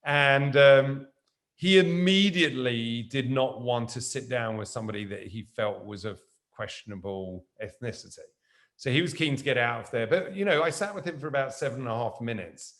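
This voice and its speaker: Lively middle-aged male storyteller. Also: medium pitch, normal speed. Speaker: guest. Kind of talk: casual conversation.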